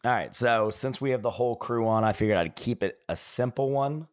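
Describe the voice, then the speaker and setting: A man's voice: medium pitch, a little fast, dry recording, clean studio sound. A man hosting a casual podcast segment with friends, teasing them and laughing easily. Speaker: podcast host.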